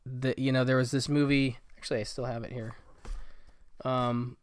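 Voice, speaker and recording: Chatty man with a smooth voice. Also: mid-range voice, flat delivery, normal speed. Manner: rambling, with many fillers and asides. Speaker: film collector reviewing a Blu-ray set. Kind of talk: casual video review.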